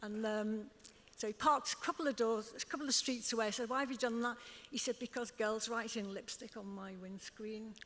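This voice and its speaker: A woman's voice: fairly high pitch, steady tone, fairly quick, hardly any pauses, fairly bright tone. An older woman with a Liverpool accent, telling stories as an interview guest on stage and often laughing as she acts out what others said. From Liverpool, England. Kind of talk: storytelling on stage. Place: club stage before an audience. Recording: long hall reverb.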